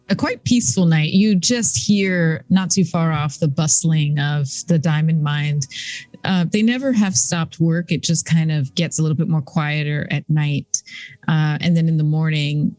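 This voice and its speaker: A woman narrating calmly as the game master of a tabletop game. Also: low voice, dry recording. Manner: calm, descriptive narration.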